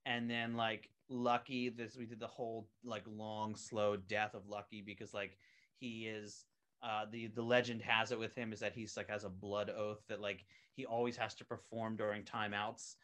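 A man's voice: lowish voice, little pitch movement, normal speed, a bit bright. A male voice actor talks through an interview in a loose, rambling way, leaning on fillers and restarting his sentences. He sounds eager and keeps talking at length about his work. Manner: eager, enthusiastic. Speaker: voice actor on an animated web series, interview guest. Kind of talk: casual interview talk.

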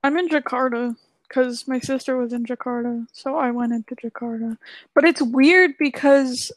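A teenage girl with a fairly high voice chats casually and teases her friend with dry, deadpan jokes. The sound is dry and close-miked. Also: moderate pace, no echo, rough recording. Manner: teasing, dry humor. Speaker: student. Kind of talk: casual chat.

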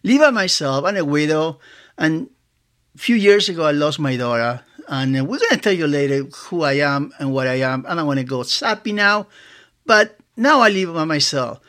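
Sixty-something guy, rambling podcast talk, bright voice, pitch bouncing all over. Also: moderate pace. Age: 60s. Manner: excitable, rambling, laughs often, acts out both sides of conversations. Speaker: podcast host. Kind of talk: casual solo monologue.

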